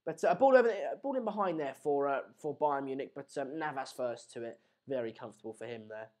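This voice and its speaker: Energetic, jokey young man. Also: medium pitch, fast. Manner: rambling, jokey, self-mocking. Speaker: live stream host. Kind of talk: casual live match chat commentary.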